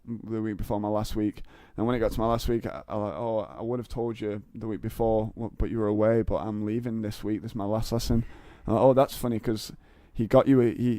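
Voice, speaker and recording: A man's voice: on the low side, mellow, clean tone, no echo, studio quality. A young man, a comedian and podcast guest, telling rambling stories in casual chat with lots of fillers and restarts.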